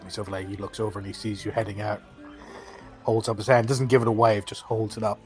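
Male game master, rambling narration, fillers, fairly low pitch, faint music underneath. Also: level tone, fast. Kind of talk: narrating a tabletop fantasy game.

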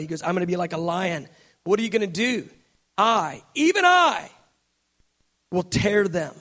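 High-voiced passionate male preacher. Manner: passionate, builds to shouting and slows for emphasis. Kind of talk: sermon.

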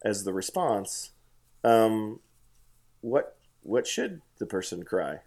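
Guy with a lowish voice leading a bible chat, lots of ums and restarts. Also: sing-song, slow pace, darkish tone. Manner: hesitant, many fillers and restarts, reads scripture aloud. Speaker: bible study discussion leader. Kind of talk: casual bible study conversation.

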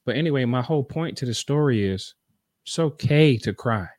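A man's voice: medium pitch, lively intonation, moderate pace, a little mellow, dry recording. Earnest man telling a story, dry sound. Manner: earnest, repetitive, conversational. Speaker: speaker telling a personal story. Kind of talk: motivational personal storytelling.

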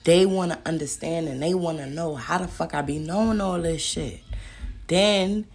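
A woman hosting a podcast, talking in a casual, profane monologue that swings between loud emphatic outbursts and muttered asides. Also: low-pitched, moderate pace. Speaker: podcast host.

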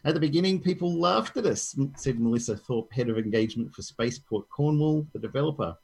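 A man's voice: medium pitch, lively intonation, quick pace, vocal fry, darkish tone, slightly rough, low-quality recording. A man co-hosting a casual tech news podcast, reading articles aloud and joking with his co-host.

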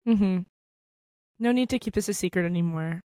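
A young woman co-hosting a podcast, chatting casually with quick, teasing, playful interjections. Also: on the low side, dark tone, no echo, studio quality. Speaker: podcast co-host. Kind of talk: casual chat.

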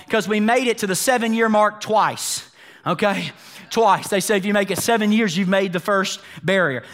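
A man in his thirties preaching a sermon as pastor, emphatic, swinging between loud urgent lines and hushed ones. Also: sits high.

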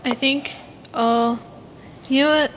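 A teenage girl chatting casually as a podcast co-host, rambling and giggly, telling animated stories. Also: high voice, slow pace, a little hiss or hum. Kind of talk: casual fan chat.

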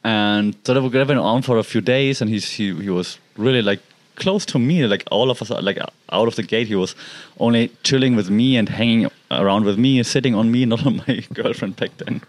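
A man's voice: lowish voice, normal speed, dry recording. A man casually telling a personal story about his pet, rambling with lots of "like" and restarts. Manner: rambling, heavy use of "like" and restarts.

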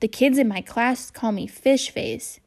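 A nervous, earnest young schoolboy, as a woman reading a children's novel voices him. He sits a little higher and louder than the narration, with a slightly gravelly grain. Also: unhurried. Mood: shy. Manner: earnest, flustered, voice raised a little. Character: nervous new schoolboy, earnest and easily flustered.

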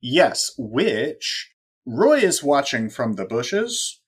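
A man's voice: mid-range voice, very animated, very slow, breathy edge. Sarcastic man co-hosting a chat. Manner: sarcastic, wry joking asides. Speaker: podcast co-host. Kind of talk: casual chat.

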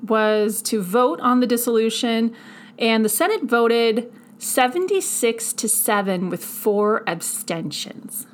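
A woman hosting a history podcast, animated and quick to laugh, reading old quotes aloud with sassy asides. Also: on the high side. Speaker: podcast host. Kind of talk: casual history podcast commentary.

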